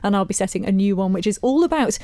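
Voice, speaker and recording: Chatty woman radio presenter, quick talker, warm mellow voice. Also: medium pitch, expressive, no room sound. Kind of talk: radio trailing of the next show.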